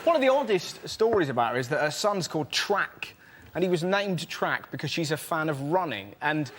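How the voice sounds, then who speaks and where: A man's voice: on the high side, big pitch swings, moderate pace, very noisy. A man on a comedy panel, cracking wordplay jokes with a chuckle.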